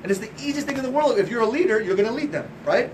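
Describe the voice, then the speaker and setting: A high-pitched man coaching a room of salespeople, talking fast, loud and passionate, swearing freely and peppering the group with rhetorical questions. He sounds a bit far from the mic, with a faint hiss behind him. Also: animated. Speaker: sales trainer. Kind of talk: motivational sales talk to a group.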